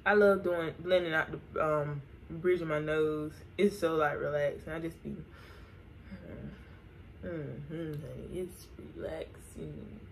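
A woman's voice: low-pitched, steady tone, slow, creaky, slight background noise. A young woman chatting casually while doing her makeup, slangy and singing snippets between remarks. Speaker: beauty vlogger. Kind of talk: casual get-ready-with-me chat.

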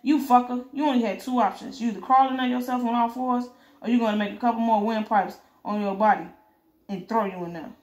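A woman's voice: a little high, steady tone, fast talker, darkish tone, reverberant, lo-fi sound, lightly acted. A woman voicing a ruthless male gang boss who talks in sneering, foul-mouthed threats.

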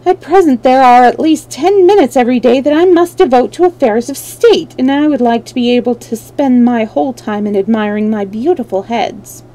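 A woman voicing a vain, haughty princess with a quick temper and drawn-out, imperious words. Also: a little high, dark tone, close to an everyday voice, poor audio. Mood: airy.

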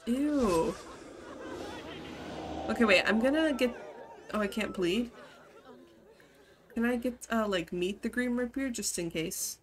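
A woman's voice: a little high, normal speed, pauses often, a faint crowd, a little hiss or hum. A woman streamer giving casual live commentary on a life-simulation game, bursting into laughter and scolding her game characters.

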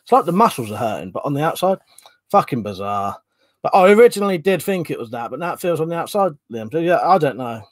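A man's voice: fairly high pitch, big pitch swings, fast talker, no room sound. Chatty man with a dry close mic. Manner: rambling, chatty, swears casually. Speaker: livestream host reading chat. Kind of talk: casual livestream chat.

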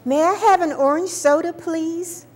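A woman's voice: very high voice, unhurried, voice pushed up. A woman voicing her younger self as a small, polite girl who stammers when she pleads. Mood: pleading.

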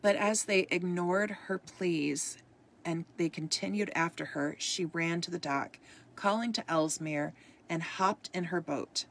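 Gravelly, low-voiced woman reading a story. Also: unhurried. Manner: expressive read-aloud, occasional stumbles. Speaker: storybook reader. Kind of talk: reading a ghost story aloud.

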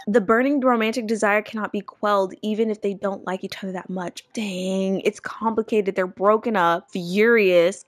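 A woman giving casual, chatty let's-play commentary, animated and gasping often. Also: medium pitch, normal speed, no room sound. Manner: chatty and animated, with frequent gasps. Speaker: gaming video creator.

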